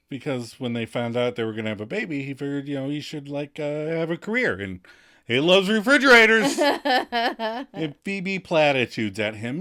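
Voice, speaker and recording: Animated man recapping scenes. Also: moderate pace. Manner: recaps scenes, acting out lines in high voices. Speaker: podcast co-host. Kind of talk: casual recap chat.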